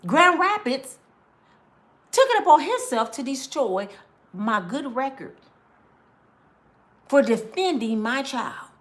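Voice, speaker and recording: Angry high-voiced woman ranting. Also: a bit bright. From Michigan, US. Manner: heated, swearing, repeating herself. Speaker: vlogger ranting to camera. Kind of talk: angry personal rant.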